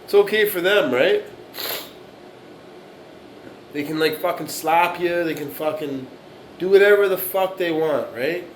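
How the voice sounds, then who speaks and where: A man's voice: fairly high pitch, a little slow, long pauses, slight background noise, low-quality recording. A man in his late forties giving a blunt, profane monologue, repeating himself and often asking "right?". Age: 40s. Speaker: vlogger. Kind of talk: casual monologue to camera.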